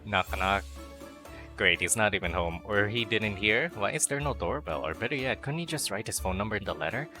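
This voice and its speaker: A man reading a dating sim aloud on stream, breaking off into playful, crude jokes and silly noises. His voice sits a little low but has a bright, forward edge. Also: lively intonation, fairly quick, soft background music. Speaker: VTuber game streamer.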